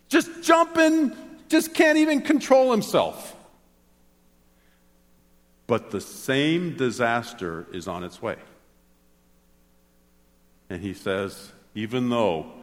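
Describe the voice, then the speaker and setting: A man preaching a sermon as pastor, animated, swinging between excited exclamations and soft low asides. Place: church sanctuary. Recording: long hall reverb.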